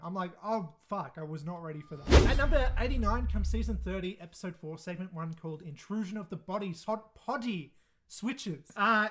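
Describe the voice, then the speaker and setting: A man casually reviewing and ranking episodes, rambling and self-deprecating, swearing freely. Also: high voice. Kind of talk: casual commentary.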